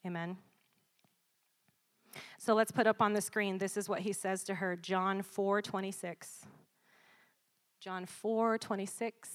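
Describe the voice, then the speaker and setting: Lively laughing woman preacher. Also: medium pitch, slow pace, long pauses. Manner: call-and-response with the congregation. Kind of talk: sermon.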